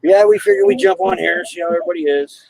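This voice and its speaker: A man's voice: high voice, rapid-fire, vocal fry, darkish tone, poor audio. A man on a casual live stream from his RV in a parking lot, greeting viewers by name and talking to his dogs. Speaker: RV travel vlogger.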